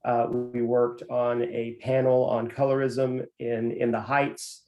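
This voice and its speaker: A man who is a university professor, answering interview questions in a measured way with many "uh" fillers. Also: mid-range voice, level tone, a little mellow, highs cut off. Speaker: professor and guest. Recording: roomy echo.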